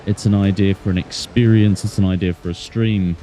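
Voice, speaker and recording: Low mellow-voiced man streaming a game. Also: steady tone, a little fast. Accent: put-on Australian. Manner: chatty, self-mocking, playful. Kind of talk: casual gameplay commentary.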